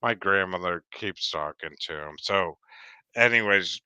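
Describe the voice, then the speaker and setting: A man with a deep, clear, bright-edged voice tells a long story in loose, casual chat. He swears freely and keeps stopping to restart his sentences. The sound is dry and close. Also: unhurried, no room sound. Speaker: guest.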